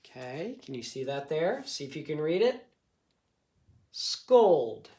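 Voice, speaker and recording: A man's voice: on the high side, sing-song, darkish tone. A man teaching a recorded phonics lesson for young students. He sounds out letters and words carefully and keeps checking in with a patient "okay?". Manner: slow, patient, ends most sentences with a checking "okay?".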